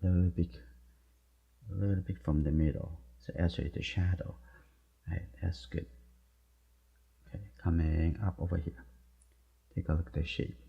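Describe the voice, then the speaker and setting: Low gravelly man teaching watercolor. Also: flat delivery, moderate pace, long pauses. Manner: soft-spoken, encouraging, talks while painting in short phrases. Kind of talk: live painting demonstration. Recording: dull, muffled recording.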